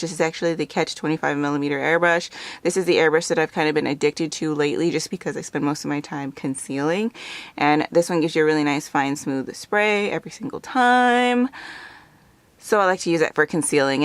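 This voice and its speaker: Woman host of a makeup channel, low-pitched, relaxed chatty delivery, quick to laugh. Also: no room sound. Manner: chatty, laughs often, filler words like "like" and "kinda". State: a bit out of breath. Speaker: makeup vlogger. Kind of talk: casual talk-through tutorial.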